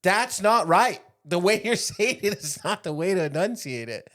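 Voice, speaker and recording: Teasing young man, slightly high voice. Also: expressive, moderate pace, fairly bright tone. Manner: teasing, emphatic. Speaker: podcast co-host. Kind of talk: casual podcast banter.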